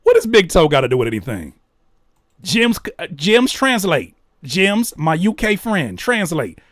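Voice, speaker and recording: Man, reaction host, animated, incredulous, lively pitch, fairly high voice, dry sound. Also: measured pace, dry recording. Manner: animated, incredulous asides, jumps high when baffled. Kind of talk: casual reaction commentary.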